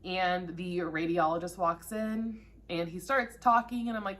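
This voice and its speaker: A woman's voice: lowish voice, fairly even intonation, a little slow, hardly any pauses, a bit bright. A woman in her thirties telling her own story to camera in a candid, conversational way that is often emotional. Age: 30s. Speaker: vlogger sharing her own cancer story.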